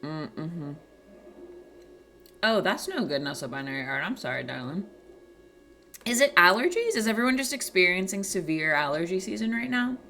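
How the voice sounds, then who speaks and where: A young woman hosting a livestream, chatting casually with viewers in a soft, quiet morning voice into a small desk microphone. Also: lowish voice, lively intonation, normal speed, a little hiss or hum. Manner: soft-spoken, chatty, reading out chat messages. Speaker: livestream host. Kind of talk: casual chat with stream viewers.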